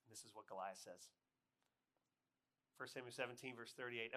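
A man preaching a sermon, telling a story with lively shifts between loud acted-out lines and quiet appeals. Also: medium pitch, moderate pace, pauses often. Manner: animated storytelling, acting out voices, swings from loud to hushed. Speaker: pastor.

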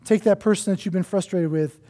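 A male pastor preaching a sermon in an earnest way, often dropping to a soft hush to stress a point. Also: sits high, fairly quick.

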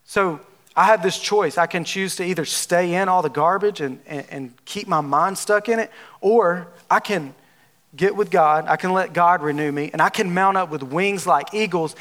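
A man's voice: high-pitched, normal speed, a bit bright. A man from Alabama with a Southern drawl, preaching a sermon in a folksy, conversational way full of casual fillers. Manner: conversational, folksy, with frequent fillers like "like" and "you know". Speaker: pastor.

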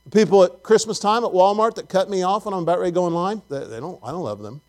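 A man's voice: high-pitched, fast. A man preaching a conversational sermon to his congregation in church, folksy and full of questions to the people in the pews. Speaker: pastor.

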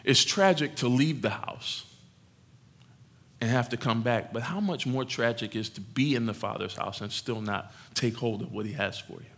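Male preacher, bright tone, animated and conversational sermon delivery. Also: medium pitch, moderate pace, vocal fry, slightly rough. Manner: animated, conversational, teasing the congregation.

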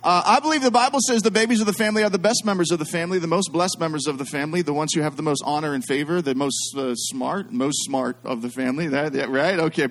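A man with a notably high voice delivers a storytelling sermon. He is middle-aged and animated, with self-deprecating jokes and frequent asides to the congregation.

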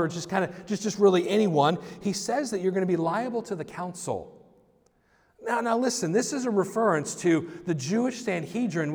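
A male pastor preaching a conversational sermon, informal, often restarting and repeating words. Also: high-pitched. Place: church sanctuary. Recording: long reverb of a church hall.

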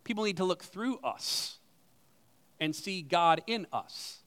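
A male pastor with a notably high voice preaches a sermon in a church sanctuary. He talks conversationally, tossing out rhetorical questions and poking fun at himself. His words ring out with a long reverb. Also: lively intonation, takes it slowly, fairly bright tone. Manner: conversational, with rhetorical questions and self-deprecating asides.

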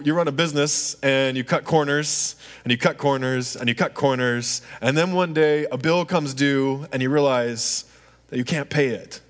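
A man delivers a storytelling sermon in a relaxed, conversational manner. He keeps checking in with his listeners. His voice rings with a long reverb in a large hall. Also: mid-range voice. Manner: conversational, asks the audience "right?" often. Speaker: preacher.

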